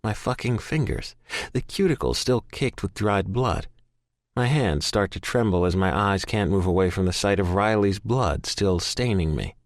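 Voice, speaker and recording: Deep-voiced man reading a raw romance audiobook. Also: expressive, normal speed, no echo, clean studio sound. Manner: raw, emotional, profanity-laced. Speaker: audiobook narrator. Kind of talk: first-person romance audiobook narration.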